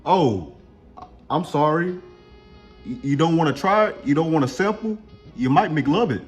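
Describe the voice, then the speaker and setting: Man voicing a pushy delivery driver, high loud voice, salesman patter, faint music behind. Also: lively intonation, unhurried. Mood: pleading. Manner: brash, insistent salesman patter.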